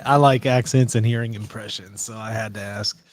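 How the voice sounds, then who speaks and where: A man's voice: on the low side, fairly even intonation, a little fast. A man hosting a casual podcast conversation, asking curious, prompting questions. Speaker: host.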